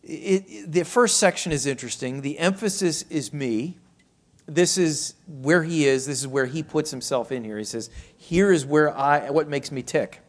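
Preaching from a passage of the Bible, a pastor whose voice sits on the high side asks rhetorical questions. He eases his pace to emphasize the key phrases of his sermon.

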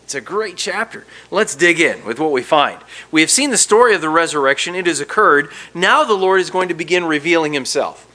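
A male preacher walks his congregation through a scripture passage. His voice is bright and sits a little high for a man. His delivery swings between emphatic bursts and hushed asides. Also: lively intonation, a little fast, few pauses. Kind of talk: sermon.

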